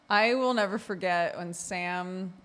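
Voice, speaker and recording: Her voice is lowish and a bit bright as this Oregon streamer chats casually with her audience. She rambles, fills her speech with fillers, and laughs frequently.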